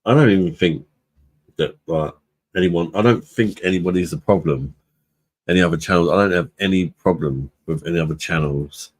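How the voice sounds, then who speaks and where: A very low, rough, husky-voiced man runs a beer review live stream and goes through viewer comments in relaxed conversation. He's blunt, curses freely, laughs often, and keeps a moderate pace.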